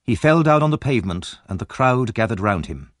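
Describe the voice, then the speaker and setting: A man's voice: medium pitch, sing-song, brisk, no room sound, clean studio sound. A man reading a classic novel aloud as an audiobook narrator, telling the story expressively and dramatically. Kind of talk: scripted narration.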